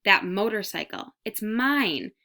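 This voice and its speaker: A woman voicing a small, eager male mouse who pleads in a high, excited voice. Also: slow pace, full character voice.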